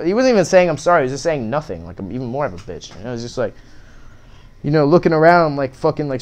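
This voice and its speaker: A young man tells a story in loose, casual talk, swearing freely. He jumps into the voices of the people in the story. His pitch sits in the middle of the male range. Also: quick pace. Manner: profane, animated, acts out quotes. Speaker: guest telling a story.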